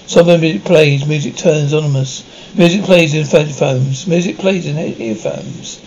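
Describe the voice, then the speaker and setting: A man reading a television episode script aloud, stage directions and sound cues included, all in one even voice. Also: a little high, unhurried, a little hiss or hum, poor audio. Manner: reads every part and cue in one even voice. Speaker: script reader.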